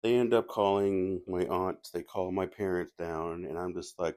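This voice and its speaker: Deep-voiced man rambling through a story. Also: level tone, moderate pace, a little mellow. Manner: rambling, with frequent restarts and asides. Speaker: movie reviewer telling a personal story. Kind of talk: casual storytelling monologue.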